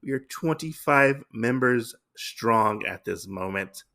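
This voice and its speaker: A man's voice: mid-range voice, animated, slow pace, creaky, sharp tone. A man hosting his own podcast, recapping a comic book in a rambling, casual way with lots of fillers and restarts. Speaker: podcast host.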